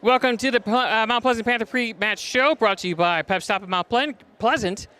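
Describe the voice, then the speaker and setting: Male local sports broadcaster, bright high voice, energetic stat-reading, slightly winded. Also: clear, resonant tone. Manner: energetic, fast-talking, reading stats and names. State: out of breath. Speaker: play-by-play broadcaster. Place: top of gym bleachers.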